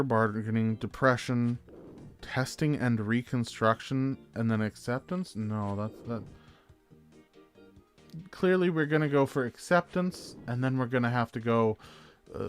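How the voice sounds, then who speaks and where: A Canadian man streaming a game, chatting in a jokey, rambling, self-deprecating way. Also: medium pitch. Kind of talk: casual game-stream chat.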